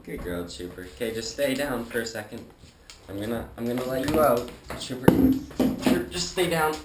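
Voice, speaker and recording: A man's voice: mid-range voice, normal speed, distant mic, background noise. A man vlogging casually while he bathes his dog, coaxing and scolding it and joking in between. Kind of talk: casual vlog chatter. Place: bathroom, at the tub. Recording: echoey bathroom, off-mic, loud music behind.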